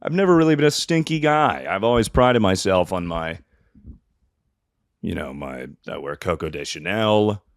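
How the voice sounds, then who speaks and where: A man's voice: low-pitched, expressive, moderate pace, dry recording, studio quality. A man hosting a comedy podcast, telling rambling self-mocking stories and swearing often. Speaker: podcast host. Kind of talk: casual comedic storytelling.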